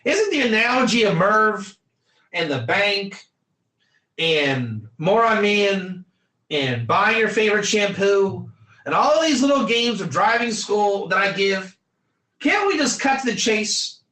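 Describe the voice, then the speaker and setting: A man's voice: high voice, expressive, takes it slowly, sharp tone, reverberant. A man teaching a Torah class in an emphatic, repetitive lecture style, quizzing his students by name.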